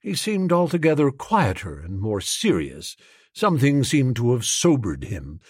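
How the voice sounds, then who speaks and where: A man voicing an older, stern but warm uncle who talks in a measured, lecturing way. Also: medium pitch, wildly swooping pitch, husky, no room sound, clean studio sound, full character voice. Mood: genial.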